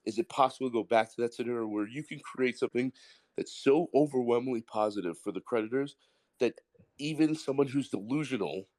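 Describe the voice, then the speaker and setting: On a live audio Q&A, a Bronx, New York caller puts forward his question in a medium-pitched, slightly mellow voice that moves a little fast. His delivery is long-winded, blunt and forceful.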